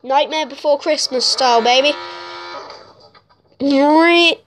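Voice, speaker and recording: A woman playing a video game and giving casual, excitable commentary to her viewers, exclaiming at each crash. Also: sits high, slow, a little hiss or hum. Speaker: gaming YouTuber. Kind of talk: casual let's-play commentary.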